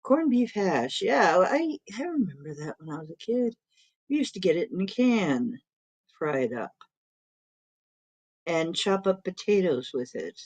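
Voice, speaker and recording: A middle-aged woman chats on her live stream at an unhurried, drawn-out pace. She rambles easily and chuckles often as she answers comments and talks to her cat. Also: on the low side, big pitch swings, a little mellow, lo-fi sound. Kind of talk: casual chat reading live comments.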